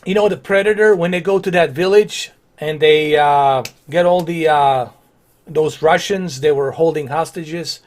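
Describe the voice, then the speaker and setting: A man's voice: a little high, unhurried. A man chatting casually on a live game stream, rambling with lots of fillers and restarts.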